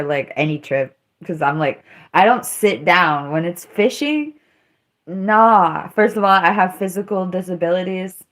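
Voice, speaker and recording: A woman chats on her livestream in a slow, easygoing drawl. She rambles through a story, laughs often, and stops to answer her viewers' comments. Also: fairly low pitch. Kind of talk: casual livestream chat.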